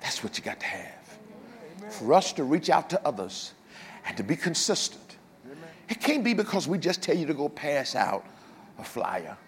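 An older pastor preaching a sermon, swinging from loud passages to hushed ones, with humorous asides to the congregation. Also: male voice, on the high side, very animated, normal speed, big-room sound. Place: church.

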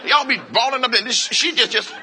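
A man preaching an interactive sermon, coaxing answers from the congregation and repeating phrases in quick call-and-response bursts. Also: extremely high pitch, sharp tone, slight background noise. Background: congregation voices and laughter.

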